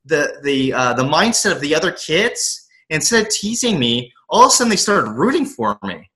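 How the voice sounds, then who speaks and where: A man's voice: a little high, big pitch swings, moderate pace, sharp tone, poor audio. A man telling his personal story as an interview guest, earnest, acting out his younger self as he recalls it. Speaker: guest, aspiring motivational coach.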